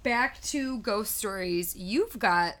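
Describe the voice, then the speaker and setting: A woman's voice: mid-range voice, lively intonation, takes it slowly, a bit bright. A woman co-hosting a horror podcast in casual chat, jokey and emotional, swearing freely. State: tearing up. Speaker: podcast co-host.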